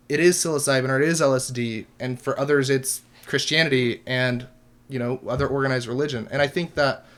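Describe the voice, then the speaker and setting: A man hosting a podcast talks in a reflective, earnest way, pausing and restarting as he works through his thoughts. His voice sits at an ordinary middle pitch. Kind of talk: casual conversation.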